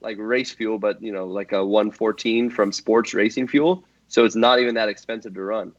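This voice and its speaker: A man's voice: fairly low pitch, steady tone, normal speed, no room sound, dull audio. A man guesting on a podcast, talking earnestly and at length, with lots of fillers and restarts. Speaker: guest drift driver. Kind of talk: casual podcast chat.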